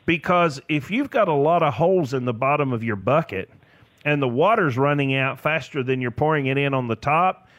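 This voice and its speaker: A man's voice: medium pitch, a little fast, a bit bright, dry recording, dull audio. A man, chatting enthusiastically as a financial advisor guest on a radio show. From Tennessee, US. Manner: enthusiastic, laughs often. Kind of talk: casual radio chat.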